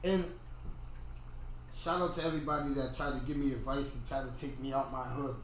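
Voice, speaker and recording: A man's voice: medium pitch, fairly even intonation, a little fast. A middle-aged man hosting a podcast, ranting in a casual livestream monologue and often repeating himself. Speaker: podcast host. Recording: very echoey room, faint noise.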